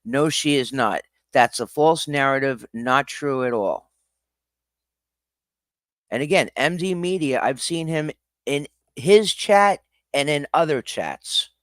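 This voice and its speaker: A man hosting a livestream, ranting with angry profanity. His voice sits a touch high and swings widely in pitch, though he talks slowly and deliberately. The sound is dry and close to the mic. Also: a bit bright, no room sound. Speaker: livestream host. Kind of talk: heated reaction livestream.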